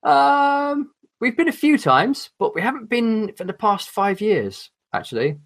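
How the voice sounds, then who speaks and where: Articulate English man, halting ums. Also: very high voice, big pitch swings, creaky, a bit bright. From England. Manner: articulate, hesitant with many ums and restarts. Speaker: podcast guest, horror author. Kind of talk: casual chat.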